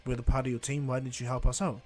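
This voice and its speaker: A man's voice: mid-range voice, flat delivery, quick pace, darkish tone, faint music behind, lightly acted. A man doing a prickly young ninja. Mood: challenging. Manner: questioning and challenging.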